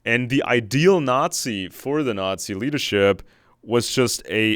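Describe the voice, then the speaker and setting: A man's voice: mid-range voice, unhurried, clear, resonant tone, no room sound, clean studio sound. A man talking earnestly in a video call conversation, often searching for his words mid-sentence.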